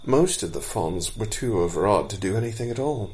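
A man narrating a storybook in a measured, expressive way. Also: low voice.

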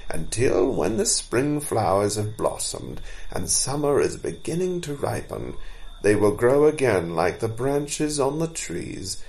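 A man reading as a mighty deer god of the forest, commanding and solemn, his voice swinging widely up and down. The speech comes in slow, measured phrases with a gravelly edge, as in a storybook read aloud. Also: medium pitch, very animated, a little mellow, low-quality recording.

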